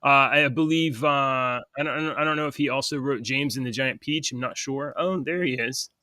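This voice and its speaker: A man's voice: mid-range voice, moderate pace, sharp tone, dry recording, studio quality. A man hosting a podcast, upbeat and rambling in casual chat with lots of fillers. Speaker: podcast host.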